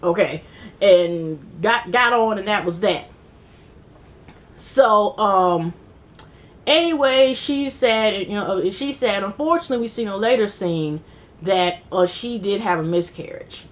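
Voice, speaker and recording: A woman casually recapping a reality TV episode, rambling and animated, acting out quotes and swearing freely. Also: medium pitch, unhurried. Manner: rambling, animated retelling with quoted voices and profanity. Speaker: TV recap vlogger.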